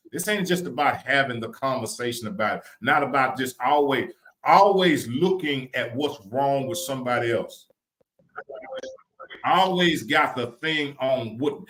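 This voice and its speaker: A man from Louisiana, co-hosting a live podcast chat in an animated, preachy way, often repeating words. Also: mid-range voice. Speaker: podcast co-host. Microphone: video call.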